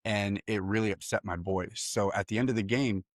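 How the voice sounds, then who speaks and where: A man's voice: fairly low pitch, steady tone, moderate pace, no echo, studio quality. A man telling a personal story in a casual podcast chat, candid and profane, laughing often. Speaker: podcast co-host.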